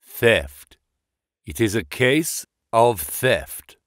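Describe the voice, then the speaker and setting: A man voicing an elderly German gentleman who speaks earnest, humble English with a German accent in a low, grave tone. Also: sing-song, extremely slow, dry recording, studio quality, heavily acted. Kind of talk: audiobook character voice.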